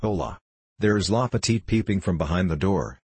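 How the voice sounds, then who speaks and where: A man's voice: deep voice, normal speed, darkish tone, husky, dry recording, full character voice. A man voicing a boastful, swaggering English archer soldier who talks freely and heartily. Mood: hearty boasting. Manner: hearty, boastful, free-spoken.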